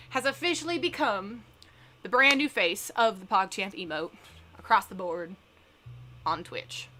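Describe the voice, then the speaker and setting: A woman's voice: a little high, pushed and bright. A woman doing an exaggerated Southern news drawl. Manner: put-on, exaggerated Southern accent. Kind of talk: mock news segment.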